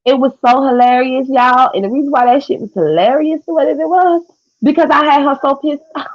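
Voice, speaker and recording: A young woman, chatting casually with viewers on a livestream in a sassy, trash-talking way with loud cackling laughs. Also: high-pitched, fairly quick, no echo. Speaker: livestream host. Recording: dull lo-fi stream audio.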